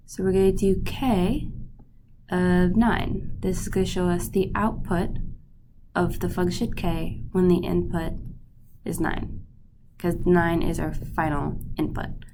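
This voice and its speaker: Slow, gravelly-voiced woman teaching math. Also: on the low side, background noise. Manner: patient, checks in with "right?" and "okay?". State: stuffy nose. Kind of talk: recorded math lesson.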